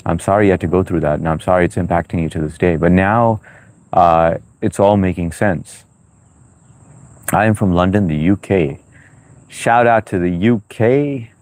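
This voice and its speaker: A man's voice: low voice, a little mellow, no room sound. A man hosting a livestream in a loose, chatty way, reading viewer comments aloud with lots of "uh" and "you know". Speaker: livestream host.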